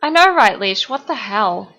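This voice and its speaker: A woman's voice: medium pitch, sing-song, moderate pace, bright, forceful tone, faint music behind. A young Australian woman streaming her art, chatting casually with viewers, reading their comments aloud and laughing often. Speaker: art livestreamer. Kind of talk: casual chat with live viewers.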